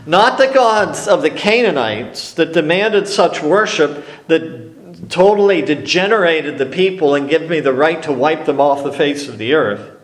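A man preaching a sermon slowly and emphatically, with dramatic pauses on key words. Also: a little high, animated, echoey room. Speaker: pastor.

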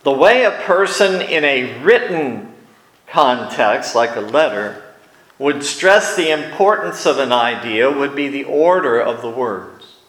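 A man preaching a sermon, teaching in a slow and deliberate way with emphatic pauses. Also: mid-range voice, animated, a bit bright, reverberant, rough recording.

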